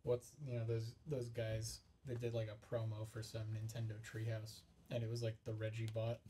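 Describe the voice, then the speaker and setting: A man's voice: fairly low pitch, monotone, normal speed, warm tone, recorded from a distance. A man hosting a podcast, chatting casually in a rambling, jokey way. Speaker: podcast host. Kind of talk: casual chat.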